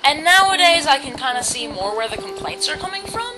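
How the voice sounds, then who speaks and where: A woman hosting a casual video game playthrough, chatty and self-mocking, now and then bursting into loud shouts. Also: sits high, big pitch swings, brisk, background noise. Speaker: let's play host. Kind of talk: casual gameplay commentary. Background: video game music.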